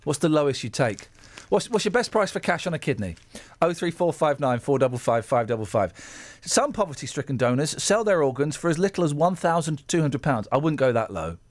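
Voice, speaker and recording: Male radio host for loose studio banter, animated and a bit high, dry close mic. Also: no room sound. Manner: joking, excitable, quick to exclaim. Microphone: studio microphone.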